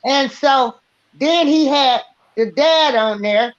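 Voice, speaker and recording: A woman on a live stream panel, giving an unhurried, drawn-out recap with fillers in casual talk. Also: sits high. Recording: dull, muffled stream audio.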